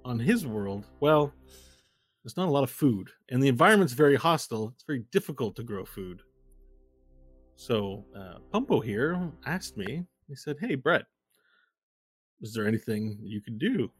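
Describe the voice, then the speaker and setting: A smooth, oily male crime boss from hell , voiced by a man, all false apology and veiled threat. He talks in halting, restarting phrases with a husky edge, in a tabletop role-playing game. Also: mid-range voice, big pitch swings, faint music behind.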